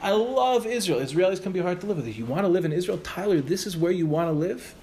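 A middle-aged man tells a personal story with lively energy, slipping into the voices of the people he describes. His voice sits somewhat high for a man. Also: fast talker. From United States. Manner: animated, acts out the voices of the people in his stories. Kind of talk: anecdotal speech to an audience.

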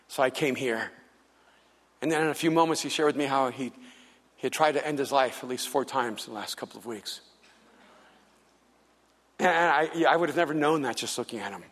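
A man preaching a sermon as pastor, telling stories with animation and turning soft and earnest for his appeals. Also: normal speed, long pauses. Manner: animated storytelling, acts out quoted people in a higher voice. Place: large church hall. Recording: long hall reverb.

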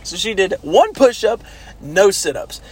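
A man casually telling stories from basic training, animated and swearing, now and then shouting out quoted orders. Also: high-pitched, measured pace, slightly rough. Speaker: former army recruit telling stories. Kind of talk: casual storytelling chat.

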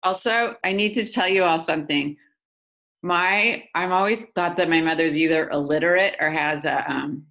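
A woman chatting casually, telling animated anecdotes with quick asides. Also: fairly low pitch. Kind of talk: casual chat, storytelling. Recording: slightly muffled recording.

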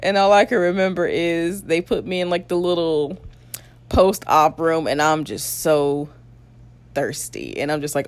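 Blunt, low-voiced young woman telling stories. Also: measured pace, no room sound. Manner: candid, blunt, crude humor with frequent laughs. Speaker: mother telling her birth story. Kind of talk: casual storytelling to camera.

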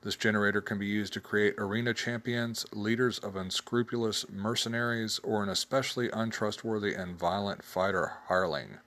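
A man with a somewhat low voice hosts a casual solo show. He talks in a loose, chatty way and laughs at his own jokes. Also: fairly even intonation, brisk, hardly any pauses, fairly bright tone. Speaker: host reviewing tabletop game blogs.

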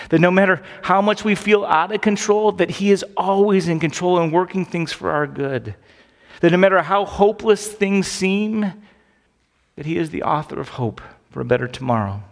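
A man preaches to his congregation, telling a Bible story and voicing its characters' pleas before rising to emphatic points. His voice sits a touch high for a man. The long reverb of a church hall trails after each phrase. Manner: storytelling with acted-out quotes, building to emphatic peaks. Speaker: pastor. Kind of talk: sermon. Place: church sanctuary.

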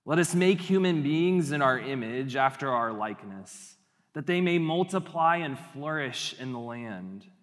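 A man voicing a tender divine creator in a gentle, solemn way, with a long hall echo. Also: mid-range voice, lively intonation, measured pace.

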